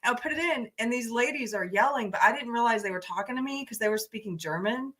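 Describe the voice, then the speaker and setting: Animated woman telling a story. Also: a little high, fast talker. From United States. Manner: animated, laughing often while telling a story. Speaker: host. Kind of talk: casual storytelling on a livestream.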